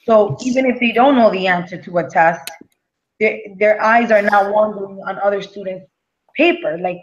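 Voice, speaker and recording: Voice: mid-range voice, steady tone, normal speed, dull audio. A teacher of young children sharing a classroom story in a hesitant way, with many fillers. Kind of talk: classroom discussion.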